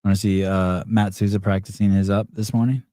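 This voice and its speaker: A man's voice: deep voice, flat delivery, fairly quick, dark tone, no echo, studio quality. A man hosting a podcast, teasing and quizzing a guest in casual, profane banter. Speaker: podcast host. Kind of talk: casual live-show banter.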